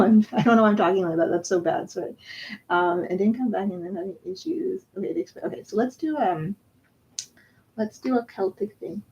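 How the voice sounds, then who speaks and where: A woman gives a live tarot reading, chatting casually and rambling with lots of fillers, self-corrections, self-interruptions, and frequent laughter. Her medium-pitched voice is darkish and slightly rough, and the audio is dull.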